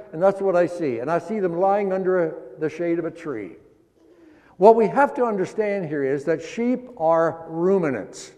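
A man's voice: high voice, darkish tone, in a large hall. A man preaching a sermon as pastor, folksy, stretching out key words for emphasis. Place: church sanctuary.

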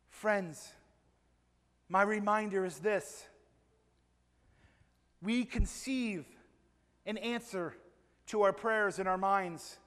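A man preaching a sermon to a church congregation, telling a story with slow, emphatic phrases. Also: sits high, fairly bright tone, in a large hall.

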